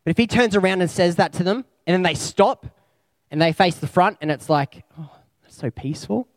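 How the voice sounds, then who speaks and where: A man preaching a sermon in a relaxed, conversational way, building slow spoken lists. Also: high voice, no room sound.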